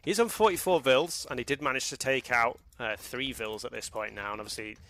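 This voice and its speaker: Bright-voiced male game caster. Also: mid-range voice, fairly even intonation, fairly quick, vocal fry. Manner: casual, rambling, often laughing. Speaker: esports commentator. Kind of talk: live game commentary.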